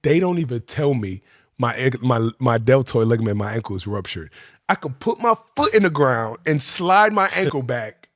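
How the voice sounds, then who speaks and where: Animated man venting a football story. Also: medium pitch, moderate pace, dry recording, clean studio sound. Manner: animated, profane, slangy, vents with heat. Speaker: former pro football player telling his story. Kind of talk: casual podcast storytelling.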